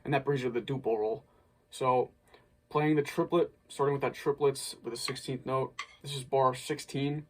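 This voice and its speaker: Male drum instructor, relaxed teaching delivery, loud noise under the voice. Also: medium pitch, moderate pace. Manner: relaxed, thinks aloud with restarts. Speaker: drumline instructor. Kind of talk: casual instructional breakdown.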